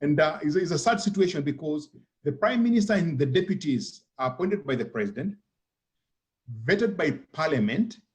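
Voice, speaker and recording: This is a man with a somewhat high voice, speaking as a guest on a church television panel. He explains methodically, numbering his points and often repeating a word before moving on. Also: lively intonation, normal speed. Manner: explanatory, methodical, repeats words while thinking.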